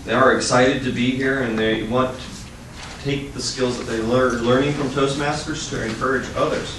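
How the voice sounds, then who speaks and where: A man introduces the next speaker at a club meeting, reading haltingly and tripping over the words. He is picked up from far away in a very echoey room. Background noise is clearly audible. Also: medium pitch, fairly even intonation. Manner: halting, stumbles over the text. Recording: echoey room, distant mic, some noise.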